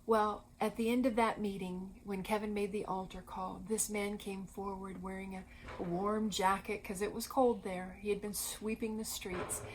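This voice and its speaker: A woman co-hosting a Christian ministry program, telling inspiring stories in an earnest, animated way. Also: mid-range voice, moderate pace, a little hiss or hum, poor audio. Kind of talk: storytelling conversation.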